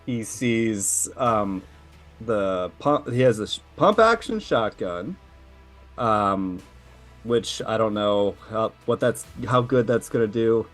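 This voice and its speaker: A man playing in a tabletop role-playing game, excitable and joking. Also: fairly low pitch, slow pace, faint music behind. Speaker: player.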